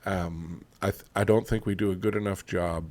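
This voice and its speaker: A man's voice: sits low, steady tone, normal speed, noisy background. A Canadian man co-hosting a podcast in a casual, blunt and opinionated chat, swearing freely. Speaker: podcast co-host.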